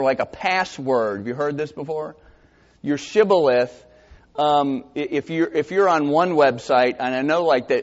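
A man from Georgia, preaching a sermon in an animated, joking way and reading scripture aloud. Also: fairly high pitch. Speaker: pastor. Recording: dull sound, long hall reverb.

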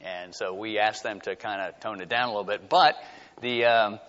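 A pastor preaching a conversational sermon, full of rhetorical questions and lively asides. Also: male voice, lowish voice, moderate pace. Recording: dull sound with long hall reverb.

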